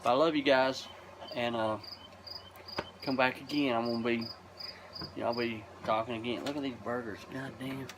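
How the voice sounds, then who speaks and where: A man's voice: mid-range voice, steady tone, moderate pace, pauses often. A man vlogging casually while grilling outdoors, talking to his viewers in a loose, rambling way full of swearing. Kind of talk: casual rambling chat to camera. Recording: loud insect and cricket noise outdoors.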